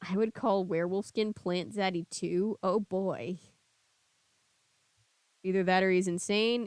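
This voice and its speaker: A woman's voice: mid-range voice, fairly even intonation, unhurried, long pauses, a little mellow, no echo. A young woman with a Southern US accent reading a children's book aloud on a stream, stopping to chat casually with viewers. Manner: reads the book, then chats casually with viewers.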